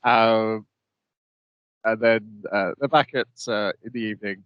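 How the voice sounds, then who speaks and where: A man's voice: fairly low pitch, fairly even intonation, measured pace, clear, resonant tone, dry recording, muffled recording. A man co-hosting a podcast, steadily summarizing anime plot in casual chat, with frequent "um"s. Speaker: podcast co-host.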